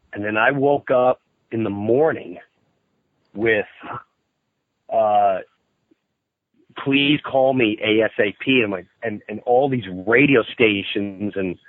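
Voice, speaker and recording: A man guesting on a podcast by phone, telling a story in a lively way and acting out the voices of the people he quotes. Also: mid-range voice, dry recording. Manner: animated storyteller who acts out quoted voices. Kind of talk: casual phone interview. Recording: tinny phone line, dry.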